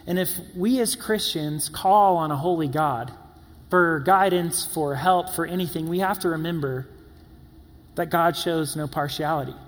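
A man in his twenties preaches in a loose, conversational way, full of filler words and playful asides. His voice sits a little high for a man. It rings out with a long echo, as if in a church hall. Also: a little slow. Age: 20s. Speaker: pastor. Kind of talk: sermon.

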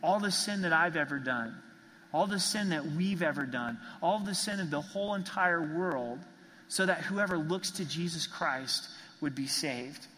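A man's voice: a little high, a little slow, bright, forceful tone. Earnest preacher man in a reverberant hall. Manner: earnest, emphatic preaching with repeated phrases. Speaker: pastor. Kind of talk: sermon.

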